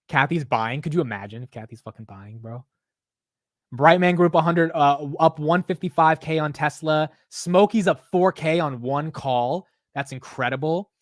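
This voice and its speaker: A man hosting a live stock market stream, talking excitedly and profanely straight to his chat. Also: on the high side, no echo, studio quality. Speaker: stock market livestream host. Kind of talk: casual live market commentary.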